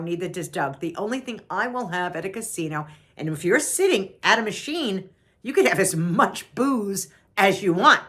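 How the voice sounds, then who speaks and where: Older New York-accented woman, chatty storyteller, lively up-and-down delivery. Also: medium pitch. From Long Island, New York. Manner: chatty, repeats herself, animated. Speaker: vlogger. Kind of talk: casual storytelling.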